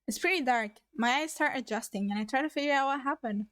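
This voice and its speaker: A woman's voice: high-pitched, fairly bright tone. Playful, swearing woman streamer. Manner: playful, swears a lot, quick asides. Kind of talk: reading a story game aloud with live reactions.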